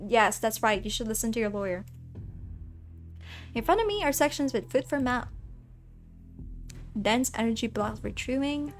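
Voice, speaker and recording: A woman streaming a game, reading its text aloud in a playful, animated way and chatting with her viewers between the lines. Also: on the high side, moderate pace, pauses often, faint music behind. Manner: animated, playful, reads narration with asides to chat.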